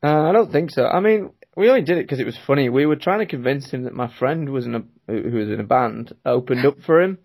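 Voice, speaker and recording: A man's voice: mid-range voice, expressive, fast talker, few pauses, darkish tone. A young man co-hosting a podcast in casual chat, telling stories in a laid-back way and laughing often. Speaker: podcast co-host.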